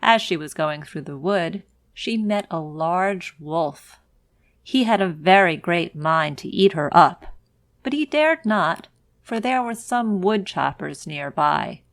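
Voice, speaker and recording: A woman storyteller reads a classic fairy tale slowly and deliberately for English learners. Her voice sits somewhat low for a woman, and the recording is dry and close. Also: expressive, dry recording.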